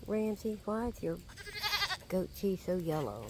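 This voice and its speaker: A woman's voice: medium pitch, very animated, takes it slowly, very noisy. Woman sweet-talking her farm animals. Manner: affectionate baby talk to the animals. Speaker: backyard farm keeper. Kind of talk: casual talk to animals while filming. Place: outdoor backyard farm.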